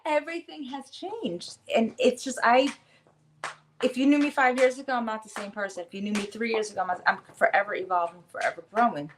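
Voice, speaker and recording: A woman with a New York accent, a wellness coach, chatting as a podcast guest in an animated, rambling way with frequent laughs. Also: on the high side, fairly quick, background noise. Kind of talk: casual interview chat.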